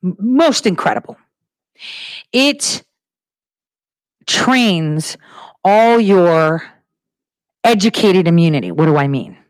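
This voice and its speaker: A woman hosting her own talk show, speaking quickly and animatedly and laughing as she talks. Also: fairly low pitch, no echo, low-quality recording. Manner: fast, animated, laughing while talking. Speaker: show host. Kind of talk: casual talk-show monologue.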